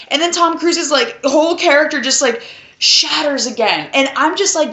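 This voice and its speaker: Blunt, sarcastic woman with a bright voice. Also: high voice, moderate pace. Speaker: film reviewer. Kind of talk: casual video review. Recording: roomy echo.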